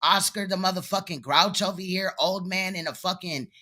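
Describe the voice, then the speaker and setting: A man's voice: high voice, normal speed, bright, forceful tone. A man hosting reaction commentary, sounding incredulous and firing off rhetorical questions. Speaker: commentary host.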